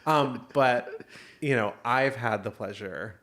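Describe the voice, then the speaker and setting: A man's voice: mid-range voice, slow. A man in his thirties co-hosting a podcast, telling a story in casual chat with lots of fillers and restarts. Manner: animated storyteller, many fillers and self-interruptions. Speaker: podcast co-host.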